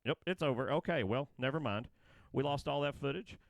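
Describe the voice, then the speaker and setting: A man's voice: medium pitch, a little fast, gravelly, no echo. Casual male co-host, drawl, rambling storyteller, dry studio mic. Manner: rambling, laughing, excitable storytelling. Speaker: podcast co-host. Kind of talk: casual chat.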